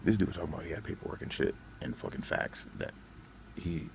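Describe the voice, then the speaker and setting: A man's voice: low-pitched, quick pace, vocal fry, noisy background. A man hosting his own channel, delivering a profane, angry, blunt vlog rant. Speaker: channel host.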